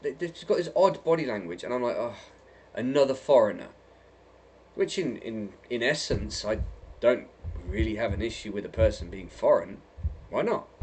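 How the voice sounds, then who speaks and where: A man's voice: mid-range voice, a little hiss or hum. A man from England delivering an emphatic vlog monologue, repeating himself and tagging lines with "right?" and "okay?". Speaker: video blogger.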